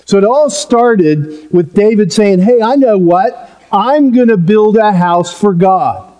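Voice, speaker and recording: Slow, mellow-voiced male preacher. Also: high voice, expressive. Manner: earnest, emphatic preaching with playful asides. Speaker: pastor. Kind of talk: sermon.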